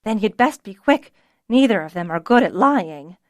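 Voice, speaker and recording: A woman voicing a brisk, no-nonsense housekeeper with a dry, fond manner. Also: medium pitch, expressive, no room sound, natural voice.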